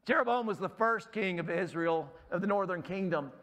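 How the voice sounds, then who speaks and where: A man preaching a sermon as pastor in a church, emphatic and rising sharply on key words, his voice going hoarse. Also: sits high, animated, moderate pace, fairly bright tone. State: losing his voice.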